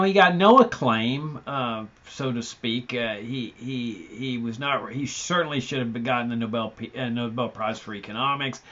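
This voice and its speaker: A man's voice: mid-range voice, fairly bright tone. A man hosting a podcast conversation who speaks earnestly and stresses his points. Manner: earnest and admiring, with emphatic stress. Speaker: podcast host. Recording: dull lo-fi sound.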